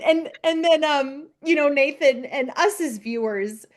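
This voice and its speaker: A woman with a high-pitched voice co-hosts a podcast at a measured pace, casually recapping a TV episode. She gushes, laughs often, and acts out the characters' lines.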